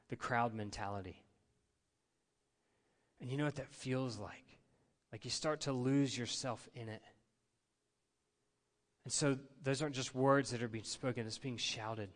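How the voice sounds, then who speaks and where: This middle-aged male pastor has a mid-range, fairly bright voice. Leading call-and-response with his congregation, he delivers a conversational sermon in a church sanctuary, where the large hall adds a long reverb.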